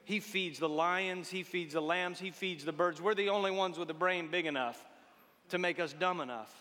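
A preacher with a high, bright voice delivers a folksy, joking sermon. He swings from loud exhortation down to hushed tones, and his voice rings through a reverberant church hall. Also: normal speed.

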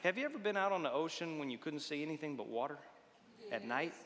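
A man preaching a folksy, humorous sermon, swinging between loud exhortation and hushed tones. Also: a little high, lively intonation, fast talker, long reverb tail, a little hiss or hum.

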